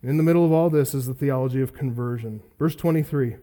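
A male pastor preaching an expository sermon, emphatic, building through repeated lists and slowing down on key words. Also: mid-range voice, mellow.

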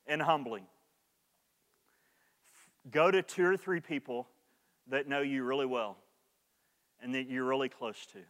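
A man's voice: fairly high pitch, fairly bright tone, long reverb tail. A man preaching a sermon as pastor, earnest and repeating his key points for emphasis.

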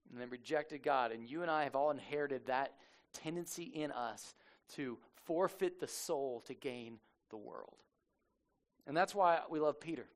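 The preacher is a man who tells Bible stories in everyday slang. His tone is loose and humorous, and he slips into quick character bits. He delivers the sermon as an easy, conversational talk. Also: mid-range voice. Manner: casual, jokey storytelling, acts out characters. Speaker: pastor.

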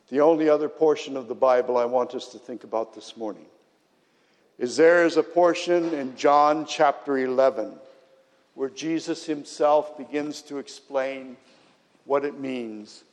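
A man's voice: medium pitch, unhurried, long pauses. Man, pastor, sermon, earnest, emphatic builds, lingering church reverb. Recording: long hall reverb.

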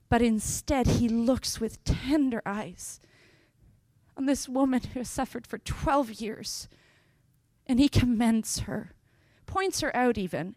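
A woman preaching a sermon, telling Bible scenes with lively voices and slowing down on key phrases. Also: on the high side, no echo, studio quality. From Sweden. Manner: expressive, acts out scenes with sudden loud bursts.

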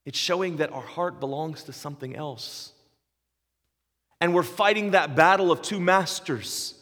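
A man's voice: fairly high pitch, a little slow, fairly bright tone. Earnest man preaching in a big hall. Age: 40s. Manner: earnest, with repeated phrases and emphatic build-ups. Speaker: pastor. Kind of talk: sermon.

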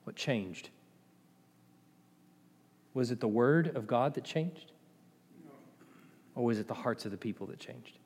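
A man preaching a sermon as pastor, passionate, rising to loud emphatic peaks and dropping to low, quiet asides. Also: expressive, measured pace, long pauses, breathy edge. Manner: impassioned, swings between loud and quiet. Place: church sanctuary. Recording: long hall reverb.

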